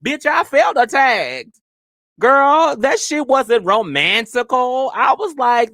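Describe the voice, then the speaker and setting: A woman hosts a podcast in casual chat, telling stories in an animated, profane way. Her voice sits fairly high and comes through dry and close, with no room sound. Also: slow pace, dry recording. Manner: profane, animated storytelling with frequent "girl". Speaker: podcast host.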